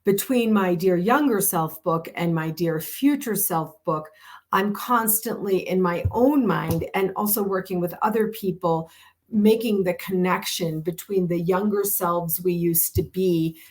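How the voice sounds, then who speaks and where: An older woman hosts a reflective podcast conversation, her voice sitting a little low. She speaks earnestly and leans on key words, slowing down when she reads aloud. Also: a little mellow. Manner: earnest, emphatic, slows down to read aloud. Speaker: podcast host.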